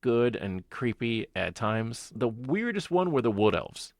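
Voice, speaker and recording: Gravelly, animated man co-hosting. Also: mid-range voice, dry recording. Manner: animated, laughing, quick bursts. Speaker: podcast co-host. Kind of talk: casual movie podcast chat.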